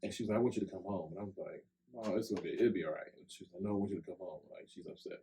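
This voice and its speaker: This time the co-host speaks in a low, warm voice at a very fast clip, with slight background noise and rough audio. Into the podcast mic he spins a long personal story, loose and conversational, peppered with "like" and "right?".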